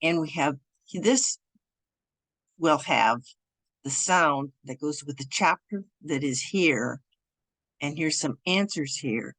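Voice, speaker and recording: A woman leads a beginners' lesson from her computer over Zoom, recorded dry and close with no room around her. Her speech is loose and halting, and she often stops and restarts mid-phrase. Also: deep voice, fairly bright tone, no echo. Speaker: Irish language teacher. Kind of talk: screen-share online lesson. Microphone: computer mic over Zoom.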